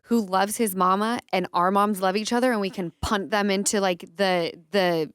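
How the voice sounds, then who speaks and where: A woman hosting a casual podcast, quick with jokes and blunt remarks. Her voice is smooth and clear, recorded dry and close. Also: medium pitch, fairly even intonation, dry recording. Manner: playful, jokey, blunt. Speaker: podcast host. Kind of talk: casual chat.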